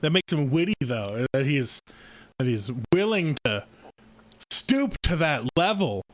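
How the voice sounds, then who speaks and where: Man, stand-up comic, sarcastic, profane, grumbling, fairly high pitch. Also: sing-song, a little slow, no room sound. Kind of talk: casual chat.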